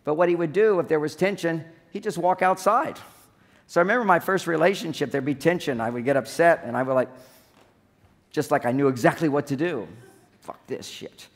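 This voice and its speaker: Here a fairly quick man with a higher-pitched voice delivers a comic seminar on relationships, playfully acting out short scenes along the way. Long reverb from the hall hangs on his words.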